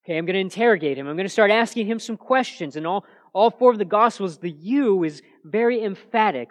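A man with a fairly high voice preaches a sermon in a relaxed, conversational way. He often restarts his phrases and drives his points home with emphatic rhetorical questions. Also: brisk, few pauses. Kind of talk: expository sermon.

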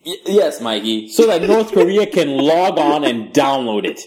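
A man riffing on a podcast with a lively, bouncing voice that leaps up and down as he tells stories. He swears freely and laughs through his own jokes, loose and animated. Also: on the high side, a little slow, crowd noise. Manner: animated, profane, laughing storyteller. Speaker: podcast co-host. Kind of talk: casual podcast banter.

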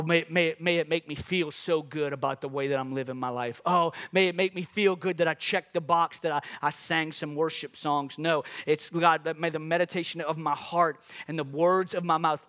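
High-voiced pastor guy preaching, keeps repeating himself, calls out to the crowd. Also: fairly bright tone. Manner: repetitive exhortation with calls to the audience. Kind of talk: sermon.

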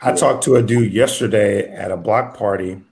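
A man's voice: fairly low pitch, normal speed, a little mellow. A man from the United States hosting a casual chat, reflective and rambling with many fillers. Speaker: host, comedian.

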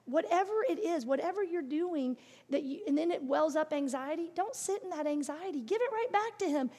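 A woman's voice: sits high, animated, a little fast, darkish tone. A middle-aged woman preaching a sermon, earnest and encouraging, with playful asides. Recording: long reverb of a large hall.

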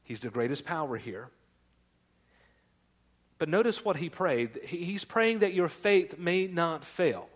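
A man preaches to his congregation in a relaxed, conversational way, restarting phrases and asking his listeners questions as he goes. His voice sits a little higher than most men's. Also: a little slow, pauses often. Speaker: pastor. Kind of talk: sermon.

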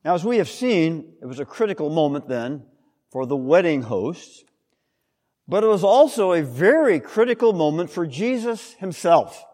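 Male preacher, animated and slightly high-voiced, teaching with rhetorical questions, recorded with long hall reverb. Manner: expressive, explanatory, rhetorical questions. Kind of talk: sermon.

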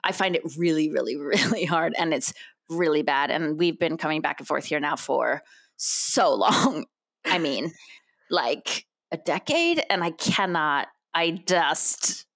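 An American woman with a fairly low voice talks as a guest in a casual interview. She chats loosely and restarts her sentences often. Her delivery sounds relaxed and unscripted. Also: a little slow. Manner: chatty, many restarts and laughs. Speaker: actress guest.

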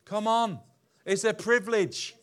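A man preaching a sermon as pastor to his church, animated, swinging from loud emphatic lines down to quiet asides. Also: high-pitched, unhurried. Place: church hall.

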